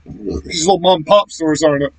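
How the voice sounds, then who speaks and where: A man's voice: fairly high pitch, normal speed, no echo, low-quality recording. A man ranting angrily on a political vlog, swearing heavily and talking in an aggressive, confrontational way. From Florida. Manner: profane, ranting, loud and aggressive. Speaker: political vlogger. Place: small shack.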